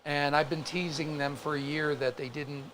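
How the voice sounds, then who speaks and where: Male co-host, faint Chicago accent, animated storyteller, slightly high voice. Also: moderate pace, slight background noise. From Chicago area. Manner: chatty, animated storyteller with restarts. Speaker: co-host of a craft livestream. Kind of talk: casual storytelling chat.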